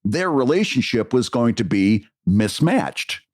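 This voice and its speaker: A man's voice: medium pitch, very animated, a little slow, a little mellow, no room sound, studio quality. A man co-hosting a casual podcast, explaining comic lettering with frequent stammered restarts. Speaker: podcast co-host, comic creator.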